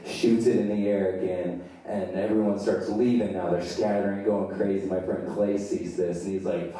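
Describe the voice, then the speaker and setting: A young man spins a wild story on a theater stage, loose and profane, chuckling along. His voice is low and mellow. The recording sounds distant, with a heavy room echo. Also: steady tone, moderate pace. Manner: loose, swearing, laughing at his own story. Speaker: stand-up comedian. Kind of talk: live stand-up storytelling. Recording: echoey theater from far off.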